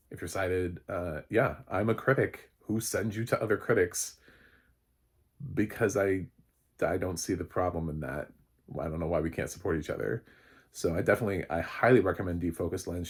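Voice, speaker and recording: A man's voice: low-pitched, husky. A man, a film critic, giving a casual spoken review, rambling with many fillers and restarts, and swearing now and then.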